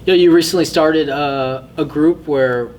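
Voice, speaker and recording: A man interviewing a guest in casual conversation, relaxed and quick with short reactions. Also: fairly high pitch, distant mic, a little hiss or hum.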